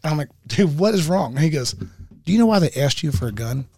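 Storyteller type: quick, cursing man who acts out every line of dialogue. Dry, close sound. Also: on the high side, husky, no echo. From United States. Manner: animated, profane storytelling, acting out both sides of a dialogue. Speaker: storyteller in a casual group chat. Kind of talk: casual chat.

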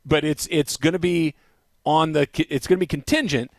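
A man co-hosting a sports radio show, chatting in a loose, animated way, laughing often and repeating himself. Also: on the high side, moderate pace, dry recording, clean studio sound. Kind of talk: casual radio banter.

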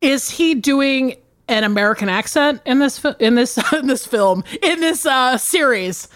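A woman's voice: sits high, lively intonation, measured pace, a bit bright, dry recording, studio quality. A woman co-hosting a podcast in casual chat, swearing playfully and often restarting her sentences. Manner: profane, playful, repeats herself. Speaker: podcast co-host.

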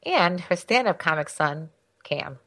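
A middle-aged woman chats and teases while co-hosting a casual podcast as a sex expert. Her voice sits a little low for a woman, and she keeps the talk loose and playful. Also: animated, unhurried, fairly bright tone. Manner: teasing, chatty.

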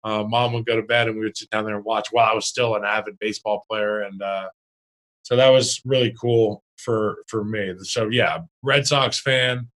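A man's voice: fairly low pitch, fairly even intonation, moderate pace, fairly bright tone, rough recording. A young man co-hosting a podcast in casual chat, blunt and joking. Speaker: podcast co-host.

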